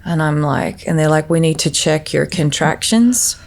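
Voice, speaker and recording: Woman, podcast guest; deep, fry-edged voice; halting personal storytelling full of restarts. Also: a little mellow.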